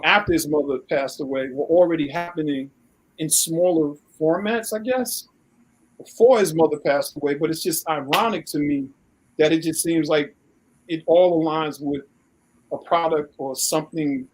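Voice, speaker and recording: A man's voice: on the high side, low-quality recording. A man co-hosting a live online talk show in casual chat, telling long stories and acting out what others said in a raised voice. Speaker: co-host.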